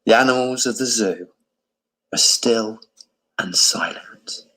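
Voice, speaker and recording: A male teacher reading a children's picture book aloud, with expressive storytelling. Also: on the low side, slow pace, breathy edge, poor audio.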